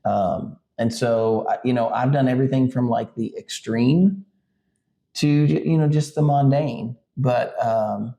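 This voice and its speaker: A middle-aged man, father and podcast co-host, shares a family anecdote in casual talk. His mid-range voice is warm with vocal fry and a little slow, and he rambles with plenty of fillers, "likes" and restarts.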